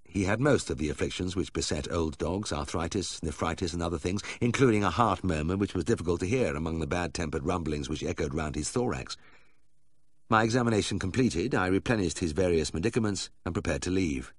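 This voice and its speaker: A man's voice: low-pitched, animated, a little fast, dry recording. A man narrating an audiobook in a dry, wry storytelling manner. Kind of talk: scripted narration.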